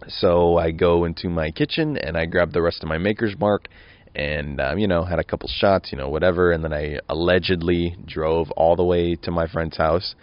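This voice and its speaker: Deep-voiced man telling rambling stories. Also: muffled recording. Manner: rambling and profane, quotes himself and friends in raised voices. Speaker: podcast host. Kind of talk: casual monologue storytelling. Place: at home.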